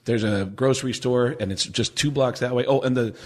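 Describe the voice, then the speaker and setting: A man doing an impression of a laid-back, spacey male stand-up comic with a slow, halting drawl. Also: mid-range voice, fairly even intonation, lightly acted.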